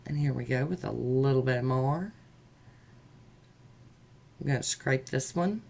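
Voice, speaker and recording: A woman's voice: very deep voice, measured pace, gravelly, darkish tone. Upbeat woman talking viewers through her manicure step by step, chatty and easygoing, close to the mic. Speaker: nail art vlogger. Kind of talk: casual tutorial narration.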